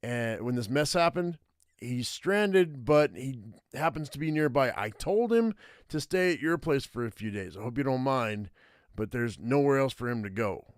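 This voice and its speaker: A man puts on a worn-out male friend calling in a hurry, stumbling over restarts and apologizing. The voice comes through smooth and clear, with no room echo at all. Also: medium pitch, lively intonation, moderate pace, clean studio sound, natural voice. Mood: weary. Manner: rambling, apologetic, with filler-laden restarts. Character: tired, hurried male friend on the phone.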